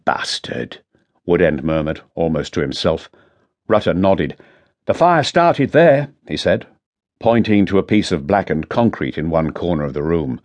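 A man narrating a crime novel audiobook in a dry, measured storytelling manner. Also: very deep voice, a little mellow. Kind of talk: scripted narration.

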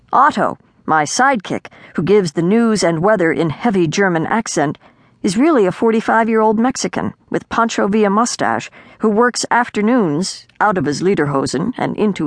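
A woman narrating a novel in the first person, with a measured, wry storytelling delivery. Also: fairly low pitch, no echo, clean studio sound. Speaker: audiobook narrator.

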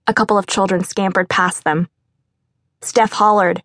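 A woman narrating a novel in a measured, even storytelling manner. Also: on the low side, dry recording. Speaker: audiobook narrator. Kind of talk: scripted narration.

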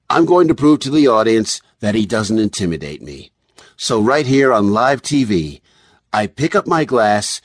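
A man voicing a calm, confident male brain surgeon who explains in a measured way. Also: lowish voice, husky, no echo, clean studio sound.

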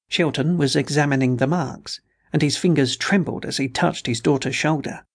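Gravelly, husky male audiobook narrator. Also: fairly high pitch. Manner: measured storytelling. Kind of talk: scripted narration.

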